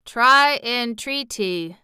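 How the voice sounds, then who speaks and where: Woman reads slow, formal clockwork man. Bright, crisp, very clear. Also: on the high side, animated, no room sound, studio quality, pitched above the performer's own voice, heavily acted. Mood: calm. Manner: slow, deliberate, precise.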